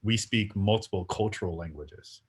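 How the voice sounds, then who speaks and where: A man's voice: lowish voice, normal speed, breathy edge. A man co-hosting a casual discussion, speaking earnestly and reflectively. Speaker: podcast co-host.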